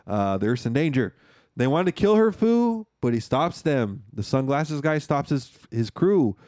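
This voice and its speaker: A man hosting a podcast, casually recapping a movie in slangy, excitable storytelling full of swearing. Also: fairly high pitch, a little slow, dry recording, studio quality. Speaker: podcast host.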